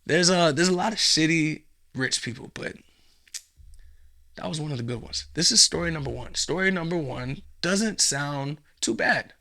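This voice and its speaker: A man's voice: mid-range voice, normal speed, sharp tone. A man hosting a podcast, giving mocking, emphatic commentary with lots of repetition. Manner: mocking and emphatic, with many repeats. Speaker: podcast host.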